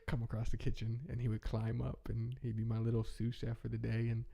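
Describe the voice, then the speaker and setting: A man's voice: medium pitch, completely flat delivery, brisk, vocal fry, warm tone. A young man talking in a rambling, heartfelt way, chatting casually as a podcast host. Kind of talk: casual reflective chat.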